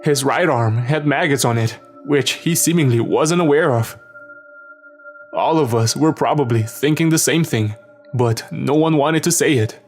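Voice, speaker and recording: A man's voice: mid-range voice, normal speed. A man narrating a horror story in a tense, dramatic scripted reading. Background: background music.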